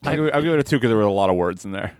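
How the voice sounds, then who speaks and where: A man's voice: lowish voice, animated, racing, no echo. A man co-hosting a comedy podcast, making dry, sarcastic quips in casual chat. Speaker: podcast co-host.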